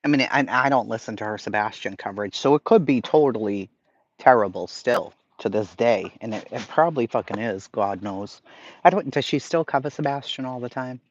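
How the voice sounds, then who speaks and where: Man, Boston accent, mid-pitched voice, swearing, ranting, casual livestream chat, lo-fi sound. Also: a little fast, no room sound. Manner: blunt, profane, ranting. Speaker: livestream host reading chat. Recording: slightly lo-fi stream audio.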